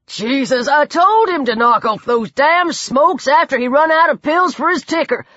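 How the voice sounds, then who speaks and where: A woman's voice: high-pitched, expressive, normal speed, bright, forceful tone, no echo, voice pushed up. A woman voicing a coarse, blunt male camp guard in an audiobook, in a dry, dull recording. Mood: irritated. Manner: cursing, rough and blunt.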